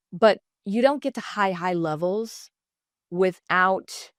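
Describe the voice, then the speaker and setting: A woman's voice: lowish voice, dry recording. Middle-aged woman, podcast guest, candid storyteller, dry close sound. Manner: animated, acts out quoted dialogue in shifting voices. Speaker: podcast guest, designer and entrepreneur.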